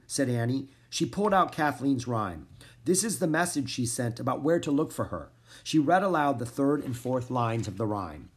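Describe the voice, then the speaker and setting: A man narrating a children's audiobook with expressive delivery. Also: mid-range voice, moderate pace, slightly rough. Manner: expressive, varied intonation.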